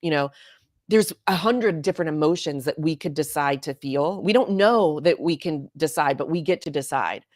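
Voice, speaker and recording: A woman in her forties with a low voice speaks as a guest coach. She is earnest and emphatic and hammers her points home by repeating them. The sound is close and dry. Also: moderate pace, a little mellow, dry recording. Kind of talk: casual podcast talk.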